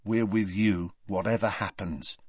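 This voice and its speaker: A man voicing a loyal, blunt and excitable teenage boy in a raised, eager voice. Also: a little slow, husky, no echo. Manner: eager, raised pitch, informal. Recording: slightly dull, dry audiobook recording.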